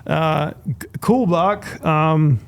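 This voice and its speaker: A man's voice: fairly high pitch, drawn-out words, gravelly, smooth. A man co-hosting a podcast, telling a long story casually, with restarts and quoted dialogue, on a studio mic. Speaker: podcast co-host.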